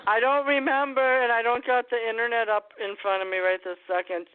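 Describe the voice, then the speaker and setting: A woman hosting a casual call-in talk show, quizzing her co-hosts with trivia in a brisk, joking way. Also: a little high, steady tone. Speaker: host. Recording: tinny phone-like line.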